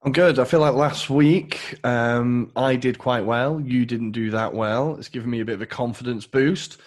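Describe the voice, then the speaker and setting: A man's voice: mid-range voice, normal speed. A man co-hosting a casual football podcast, talking with rambling enthusiasm and some self-mockery. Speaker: podcast co-host.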